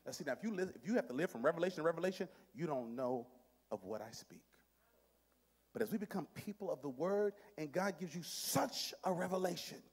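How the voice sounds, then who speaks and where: A middle-aged man pastor preaching a sermon, swinging from shouts to hushed near-whispers and talking straight to his congregation. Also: fairly high pitch, animated, fairly quick, husky. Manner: talks directly to the congregation in call-and-response. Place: church sanctuary. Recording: long hall reverb in a church.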